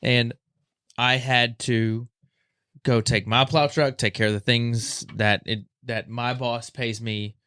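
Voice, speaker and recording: A man's voice: mid-range voice, level tone, takes it slowly, sharp tone, smooth, no echo, studio quality. A man hosting a podcast, telling a rambling personal story in a laid-back way, often repeating himself. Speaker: podcast host. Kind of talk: casual storytelling chat.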